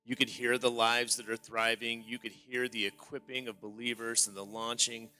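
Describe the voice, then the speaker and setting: A pastor on a church stage closing the service, speaking casually with some fillers. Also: male voice, medium pitch, flat delivery, normal speed, sharp tone. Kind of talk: sermon closing, leading the congregation.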